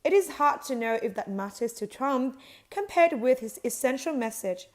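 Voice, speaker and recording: A woman reading a news article aloud in an even, uninflected way, quotes read in the same voice. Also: high voice, moderate pace. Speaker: news reader.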